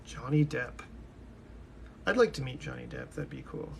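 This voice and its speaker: Gravelly young man musing to himself. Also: medium pitch, animated, normal speed, darkish tone, a little hiss or hum. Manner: musing, talks to himself, drifts between topics. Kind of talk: rambling casual monologue.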